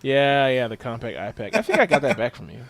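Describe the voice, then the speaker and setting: Ranting, swearing podcast co-host. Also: male voice, mid-range voice, fast talker, creaky, crowd noise. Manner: animated storyteller, swears often, laughs while ranting. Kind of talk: casual chat.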